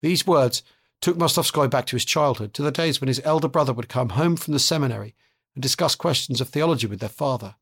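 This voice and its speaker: A man narrating a novel as an audiobook reading, with measured, steady delivery. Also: mid-range voice, slightly rough.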